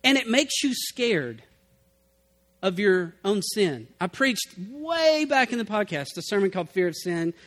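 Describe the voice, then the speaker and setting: Middle-aged male pastor, high voice, conversational sermon delivery. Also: big pitch swings, a little slow, a bit bright. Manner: conversational, acts out quoted excuses.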